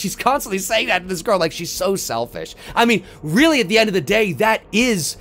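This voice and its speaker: A man hosting a video, excitedly and profanely retelling a film idea scene by scene and acting out the moments. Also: sits high, moderate pace, few pauses. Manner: excitable, profane, acts out scenes and sound effects. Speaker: video host pitching a film sequel idea. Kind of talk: animated casual retelling.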